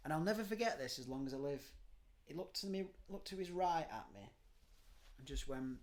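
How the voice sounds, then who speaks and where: A man, hosting a casual comedic chat, telling stories with swings between hushed and loud delivery and frequent swearing. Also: mid-range voice, brisk. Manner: animated storytelling, swears freely, laughs often, drops to a hushed tone. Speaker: podcast host.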